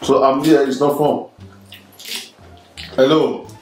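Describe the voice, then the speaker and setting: A man's voice: medium pitch, slow, darkish tone. Brief: man, husband in a couple vlog, upset and pleading, echoey room with faint music. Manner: pleading, turning upset and indignant. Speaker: vlogger, husband.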